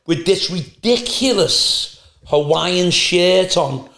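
A male stand-up comedian telling profane, animated anecdotes in a casual podcast chat. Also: sits high, slow. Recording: roomy echo.

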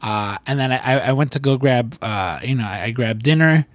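A man's voice: mid-range voice, fairly quick, no room sound. A young man co-hosting a podcast in casual chat, rambling and swearing freely with lots of fillers and restarts. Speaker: podcast co-host.

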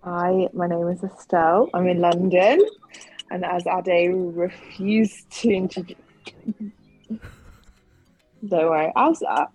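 A woman's voice: on the low side, fairly even intonation, measured pace, darkish tone, soft background music, low-quality recording. A woman joining a podcast as a guest, speaking boldly and teasingly. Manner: bold, teasing, sassy. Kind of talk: casual chat. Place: in London.

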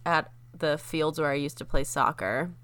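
A woman's voice: low-pitched, fairly even intonation, moderate pace, fairly bright tone, clean tone, no room sound. A woman co-hosting a casual podcast chat with dry, self-deprecating humor. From Idaho. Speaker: podcast co-host.

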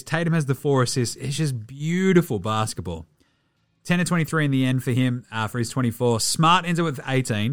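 A young Australian man hosting a casual basketball podcast, rattling off stats with lively, self-mocking banter and the odd swear. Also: a little high. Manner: animated, swearing, self-mocking, quick stat rundowns. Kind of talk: casual game recap.

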